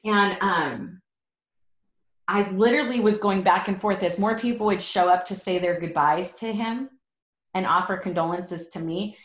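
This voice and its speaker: Earnest woman telling a personal story. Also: medium pitch. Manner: earnest, halting storytelling with many fillers. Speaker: podcast guest. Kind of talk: emotional personal testimony. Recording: roomy echo.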